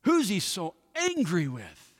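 A pastor giving a sermon, telling a story and putting questions to the congregation. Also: male voice, high-pitched, wildly swooping pitch, slow. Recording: echoey hall with long reverb.

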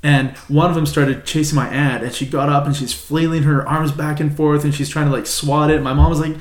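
A man's voice: fairly high pitch, level tone, fairly quick, roomy sound. A man co-hosting a podcast, telling a childhood story in a loose, rambling way and swearing freely. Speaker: podcast co-host. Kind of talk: casual chat, storytelling.

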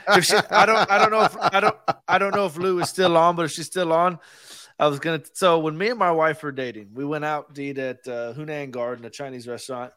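A man co-hosting a relaxed podcast whose voice sits a little high for a man. He rambles through his stories, restarts his phrases and laughs often. The sound is dry and close. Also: fairly quick, no room sound. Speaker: podcast co-host. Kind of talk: casual chat.

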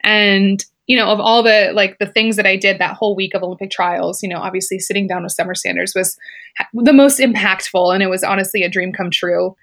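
A woman's voice: mid-range voice, steady tone, fairly quick, fairly bright tone. A woman, a former competitive swimmer, chatting casually as an interview guest and telling a personal story, laughing often and filling her speech with "like" and "you know".

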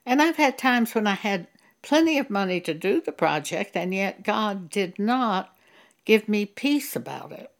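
A woman preacher giving an earnest sermon, teaching slowly and reading scripture aloud. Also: mid-range voice. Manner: slow, deliberate, earnest teaching.

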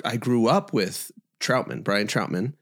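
A man co-hosting a podcast, telling a story in a relaxed way with plenty of fillers. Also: medium pitch, unhurried. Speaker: podcast co-host. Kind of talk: casual chat.

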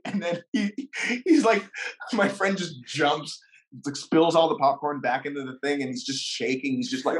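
A man with a middle-pitched, everyday voice tells a story in an easy, casual way. He laughs often and acts out the quoted lines as he goes. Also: moderate pace, fairly bright tone. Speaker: guest.

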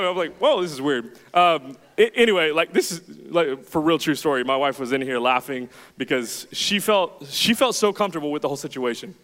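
A young man preaching to a congregation, telling a rambling, self-deprecating story in a chatty, animated way. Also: fairly high pitch, a little fast. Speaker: pastor. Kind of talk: sermon with storytelling. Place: church hall with audience. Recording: reverberant hall.

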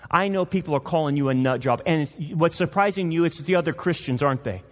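Emphatic preacher in a reverberant hall. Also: male voice, fairly high pitch, fast talker. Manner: emphatic, rhetorical questions, mocking quoted voices. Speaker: pastor. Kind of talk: sermon.

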